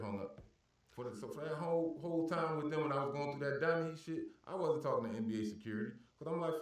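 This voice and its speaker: A man telling a profane story at an animated pace, acting out shouted arguments with plenty of cursing. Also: a little high, quick pace. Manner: heated, cursing, acts out shouted exchanges. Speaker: podcast guest telling a story. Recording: roomy echo, far from the mic.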